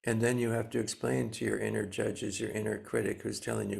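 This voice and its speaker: An older man in his seventies gives a dharma talk in a low voice with a heavy gravelly fry. He moves slowly and gently, stopping often to search for words. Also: steady tone. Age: 70s. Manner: slow, gentle, pausing with many fillers. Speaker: Zen teacher.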